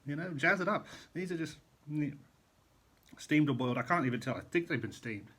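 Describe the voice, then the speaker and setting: A man's voice: a little high, lively intonation, brisk, a bit bright. A middle-aged man, a chef, chatting casually in a vlog from a hotel room, rambling and eating as he talks. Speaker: chef vlogger.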